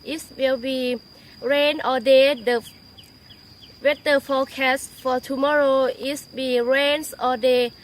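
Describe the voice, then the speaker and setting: A woman with a Lao accent playing a weather presenter in a student role-play, in halting learner English. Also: high voice, steady tone, slight background noise.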